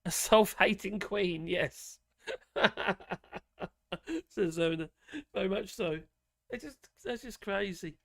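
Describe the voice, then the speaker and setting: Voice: mid-range voice, slow pace, pauses often, no echo. A host giving rambling, casual commentary on a live stream and reading out viewers' chat messages. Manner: rambling, chatty, sighs and laughs between remarks.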